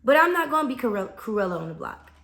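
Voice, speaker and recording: Talking quickly in a slightly high voice, a young American woman, a fifth grade teacher, shares animated, laid-back advice on her podcast. Frequent "okay?" check-ins punctuate it, recorded in an echoey room.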